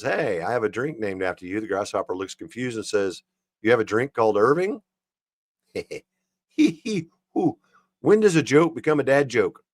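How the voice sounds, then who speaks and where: A man hosting a livestream, reading jokes aloud and chuckling and commenting on each one. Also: lowish voice. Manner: reads jokes then chuckles and comments on them. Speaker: livestream host.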